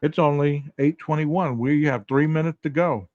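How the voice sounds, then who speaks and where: A man talks through his podcast in a casual, rhetorical way, turning questions straight to his listeners. His voice sits a little high. The recording is dry and a bit dull, close to the mic. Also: normal speed, no echo. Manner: rhetorical, addresses listeners directly. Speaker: podcast host.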